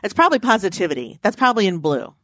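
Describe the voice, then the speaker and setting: A woman co-hosting a casual chat, playful and animated, her pitch jumping up when she gets excited. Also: racing, no room sound, studio quality.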